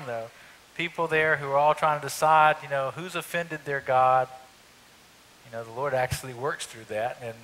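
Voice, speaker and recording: A man delivers a sermon as pastor, retelling the story with a bright, forceful voice and friendly rhetorical questions. The sound carries a long reverb of a church hall. A faint hiss runs beneath it. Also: mid-range voice. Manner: conversational storytelling, rhetorical asides. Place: church sanctuary.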